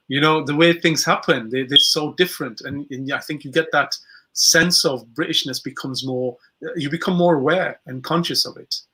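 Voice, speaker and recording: Bright, husky man musing thoughtfully. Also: mid-range voice. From United Kingdom. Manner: thoughtful, reflective, with hesitant fillers. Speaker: podcast co-host. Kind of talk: podcast discussion.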